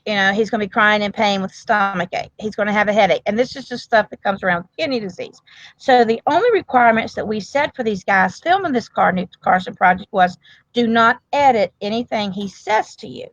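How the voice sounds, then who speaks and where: Casting: earnest, rambling woman guest, mid pitch, dry and slightly dull sound. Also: animated, brisk, dry recording. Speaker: grandmother and medical provider, guest. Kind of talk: emotional casual interview talk.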